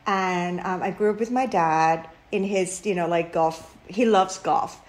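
A middle-aged woman from Thailand with a Thai accent, a chef telling her own story in an interview, animated, with frequent laughs and many fillers and restarts. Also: lowish voice, measured pace. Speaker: chef and restaurant owner, guest.

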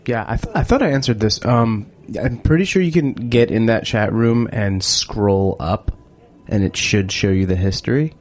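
A man's voice: fairly low pitch, moderate pace. A man on a podcast explaining things in a laid-back, hesitant, plain-spoken way. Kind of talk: casual chat.

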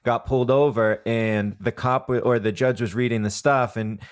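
A man guest tells a story casually at a middle pitch. He rambles, leans on fillers and restarts his sentences. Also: fairly even intonation, moderate pace, smooth.

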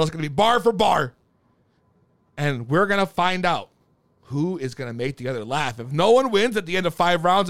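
A man hosting a podcast game show, hyping it up with loud announcer-style shouting. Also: high-pitched. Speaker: podcast host.

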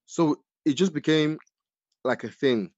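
A man from Nigeria, a chef, telling his story casually in an interview, animated and full of fillers. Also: on the high side, a little slow, dry recording. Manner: animated, many fillers like "like" and "you know". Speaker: chef, podcast guest. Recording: dull lo-fi audio.

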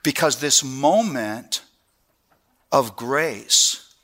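A middle-aged man preaching a sermon, telling family stories in a lively way and then dropping to a hushed, earnest tone. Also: medium pitch, extremely slow. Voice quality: animated storyteller who drops to a hushed, earnest tone.

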